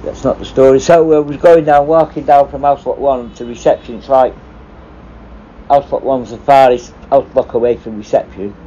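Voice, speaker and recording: His voice mellow, steady and mid-range at a normal speed, a former prison officer swears constantly as he rambles through stories in casual talk. The audio is dull lo-fi with a faint hiss of noise.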